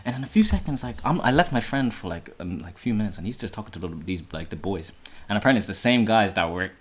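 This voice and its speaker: Casting: young guy, rapid casual podcast storyteller, loose and sweary. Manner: swearing, animated retelling, voice jumps high in quoted outbursts. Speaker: podcast host.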